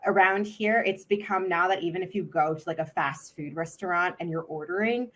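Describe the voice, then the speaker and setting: An American woman co-hosting a casual podcast chat, animated and explaining her views at length. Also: fairly low pitch, brisk, a little hiss or hum. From United States.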